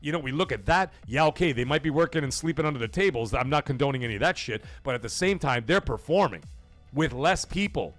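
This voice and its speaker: A man's voice: fast talker, soft background music. A man hosting a gaming livestream, ranting casually with lots of swearing and rhetorical questions, acting out quoted voices. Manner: profane, animated, rhetorical questions; acts out quoted voices with pitch jumps. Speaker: livestream host.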